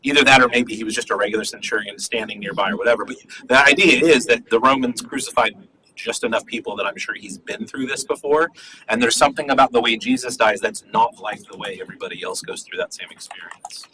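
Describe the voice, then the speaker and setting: A man's voice: mid-range voice, fast talker, pushed and bright, a little hiss or hum, rough recording. A man teaching a class on a Bible passage, talking conversationally and checking in with "right?" as he goes. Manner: conversational, many fillers and "right?" asides. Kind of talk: classroom lecture on scripture.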